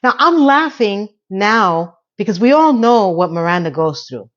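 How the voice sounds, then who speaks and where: A woman's voice: medium pitch, sing-song, measured pace, dull audio. A woman giving a casual, rambling recap of a TV episode with personal asides, acting out the characters' lines as she goes. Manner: chatty, acts out characters' lines in quotes. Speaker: TV series recap reviewer.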